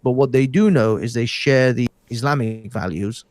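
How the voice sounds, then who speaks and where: A tired man at a medium pitch, talking in a casual late-night conversation. He rambles and restarts his sentences often. The sound is dry and close. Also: moderate pace, darkish tone, dry recording. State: tired, yawning. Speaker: podcast guest.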